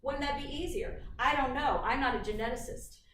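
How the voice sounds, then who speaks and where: A woman giving a university lecture in a lively, chatty way, often putting questions to the class. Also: high voice, brisk, noisy background. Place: lecture hall. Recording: echoey hall, from far off.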